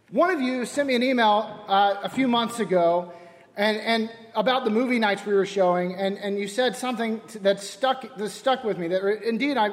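High-voiced priest in a reverberant church. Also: male voice. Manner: wry, self-deprecating storytelling. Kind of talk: sermon.

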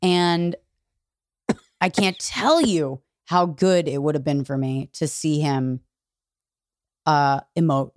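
A woman comedian guesting on a podcast, her voice sitting a little low. She talks candidly and animatedly, swearing freely. The sound is dry and close to the mic. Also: slow pace, pauses often, no room sound. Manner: candid, profane, animated storyteller. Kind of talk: casual podcast conversation.

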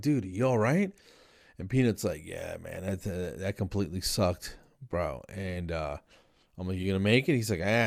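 A man from New Jersey hosting a podcast, telling a comic story in an animated, exasperated way and acting out the dialogue. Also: mid-range voice. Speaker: podcast host.

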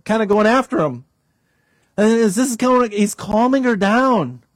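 Man, pastor, sermon, high voice, dry close sound. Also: animated, unhurried, no room sound. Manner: storytelling, prays aloud, varies pitch for emphasis.

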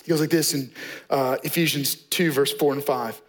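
A man preaching a sermon, slow and emphatic, often dropping softly on key words. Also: medium pitch. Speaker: pastor.

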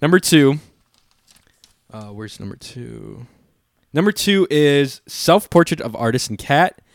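A man's voice: mid-range voice, expressive, slow pace, gravelly, no echo, clean studio sound. A young man co-hosting a casual podcast, joking crudely and stumbling over foreign titles. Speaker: podcast co-host. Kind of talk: casual chat.

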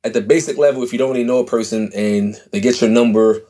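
Man, podcast host, easygoing chatter, laughs a lot, mid-pitched. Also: fast talker, dark tone. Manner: loose, rambling, laughs often. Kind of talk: casual podcast chat.

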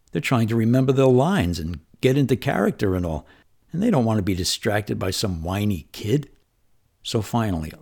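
A man's voice: on the low side, a little mellow. A man from New York telling a personal childhood story in a conversational, wry and vivid way. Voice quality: gravelly and husky. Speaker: memoir storyteller.

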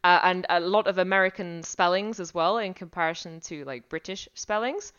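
Low, smooth-voiced woman chatting. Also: moderate pace, a bit bright, dull audio. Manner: chatty, with frequent restarts and light laughs. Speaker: primary school music teacher. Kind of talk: casual podcast chat.

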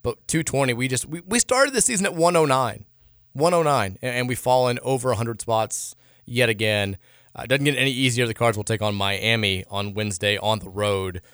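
A man's voice: medium pitch, a little fast, a bit bright, clean tone, no room sound, studio quality. A man hosting a sports radio show, talking in a frustrated, sarcastic, rambling way with many restarts. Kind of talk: casual sports radio talk.

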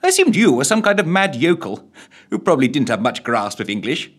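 A man's voice: medium pitch, big pitch swings, husky, pitched above the performer's own voice. A man doing a plummy posh lady agent. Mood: brisk. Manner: brisk and upbeat. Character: plummy, brisk woman secret agent. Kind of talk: radio story reading.

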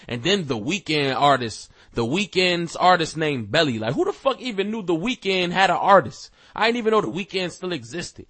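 A man's voice: on the high side, big pitch swings, brisk, few pauses, a bit bright, no echo. A man hosting a podcast, ranting casually with heavy profanity and rambling fillers, growing heated. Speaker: podcast host. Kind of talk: casual rant.

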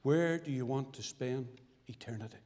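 A middle-aged man giving his gospel testimony as a lay preacher, earnest and pleading, with dramatic pauses. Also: mid-range voice, a little mellow. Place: church fellowship hall. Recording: long hall reverb.

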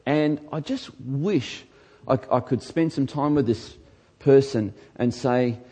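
A man's voice: medium pitch, slow pace, breathy edge. Emphatic preaching man. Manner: emphatic preaching, rising to shouts on key lines. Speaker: pastor. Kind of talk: sermon.

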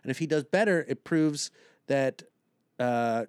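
A man co-hosting a comedy podcast, delivering ironic jokes in a deadpan way. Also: mid-range voice, a little slow, smooth, dry recording. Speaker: podcast co-host. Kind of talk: satirical comedy banter.

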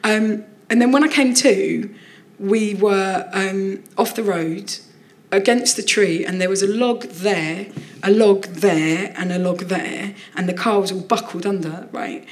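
A woman, a comedian, telling an animated story in casual chat on a live podcast, laughing often as she talks. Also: medium pitch, measured pace. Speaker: comedian guest.

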